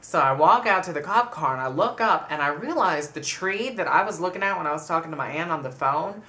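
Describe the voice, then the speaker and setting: A man casually telling a personal story to the camera in a chatty, animated way. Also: on the high side, fairly quick. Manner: chatty, animated retelling with frequent laughs. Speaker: vlogger.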